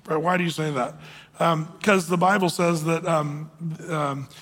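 A man delivers a sermon with a high-pitched voice in a casual, rambling way, full of fillers and restarts. He acts out quoted voices by raising his pitch. The sound carries a long reverb, as in a church hall. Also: fairly even intonation, unhurried, fairly bright tone. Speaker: pastor.

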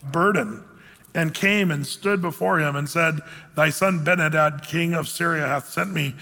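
A man with a high, bright voice preaches a sermon in a lively, animated way. He reads scripture and then jumps into jokey asides, acting out the people in the story. His voice rings with a long reverb, as in a big hall. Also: a little slow. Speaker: pastor.

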